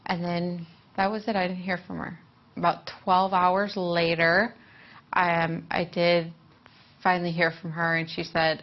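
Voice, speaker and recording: A woman telling her own story as a former surrogate, emotional and halting at times. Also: on the low side, level tone. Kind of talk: personal testimony. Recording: dull muffled audio.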